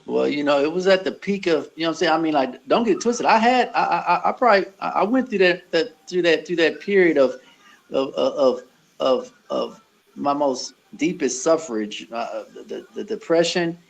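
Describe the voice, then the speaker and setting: Gravel-voiced male trainer, a little high, halting and sincere as an interview guest. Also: lively intonation, low-quality recording. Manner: halting, earnest, many restarts. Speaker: gym owner and personal trainer. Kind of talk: conversational interview.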